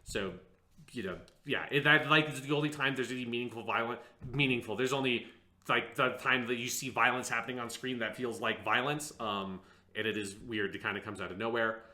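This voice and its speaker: A man co-hosting a casual review chat, his voice bright and forceful. He rambles and hesitates with many fillers and restarts. The room around him is echoey. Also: mid-range voice, a little fast. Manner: rambling, hesitant, lots of fillers, mocking impressions. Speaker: podcast co-host.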